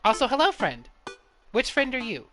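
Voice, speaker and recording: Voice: medium pitch, wildly swooping pitch, normal speed. A streamer reads a dating game aloud on a live stream and chats with viewers in between. The delivery is casual and playful. Video game music plays behind the voice. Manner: chatty, playful. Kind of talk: live game let's-play narration.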